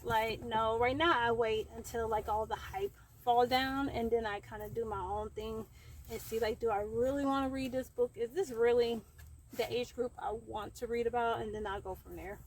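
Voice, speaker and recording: A woman's voice: on the high side, fairly even intonation, normal speed, a little hiss or hum, rough recording. A young woman vlogging outdoors in the heat, chatty and rambling with fillers, somewhat out of breath. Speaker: book vlogger. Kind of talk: casual chat. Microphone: camera framing herself.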